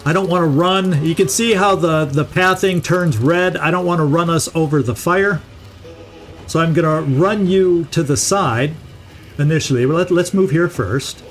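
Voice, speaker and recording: Middle-aged male let's-play host, slightly high voice, chatty and unhurried, thinks out loud and restarts his words; faint music underneath. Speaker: gaming channel host. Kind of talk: casual let's-play commentary.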